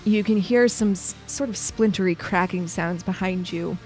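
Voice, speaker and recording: A woman's voice: lowish voice, normal speed, darkish tone, faint music behind. A woman running a tabletop role-playing game as game master, narrating scenes and rulings and laughing often.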